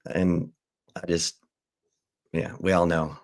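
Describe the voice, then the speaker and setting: A man with a fairly low voice spins a long anecdote on a sports talk show. He tells it loosely and conversationally, dropping into other people's voices for their lines. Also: flat delivery, takes it slowly. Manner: acts out quoted people in changing voices. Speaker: sports talk host and former reporter. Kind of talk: animated storytelling.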